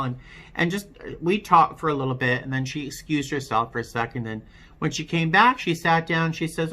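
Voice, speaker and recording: A man telling his own story in a personal testimony vlog, candid and wry, often halting and restarting his sentences. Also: on the high side, bright, forceful tone.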